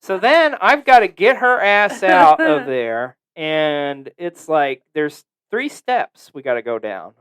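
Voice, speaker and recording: Smooth-voiced man telling crude stories. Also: a little high, very animated, slow pace, a bit bright. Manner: crude, profane, joking. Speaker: podcast host. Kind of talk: casual storytelling.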